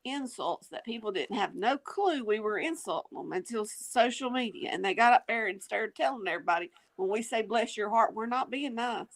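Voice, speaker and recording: A woman's voice: on the high side, expressive, brisk, hardly any pauses. A woman with an American Southern accent, a guest in a casual chat, sharing blunt teasing anecdotes.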